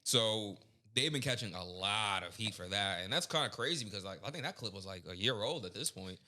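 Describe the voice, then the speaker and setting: A young man in casual podcast chat, talking bluntly and heatedly with plenty of swearing. His voice sits fairly low, with a bright, forceful edge to it. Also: expressive, fairly quick. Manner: blunt, profane, heated ranting. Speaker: podcast co-host.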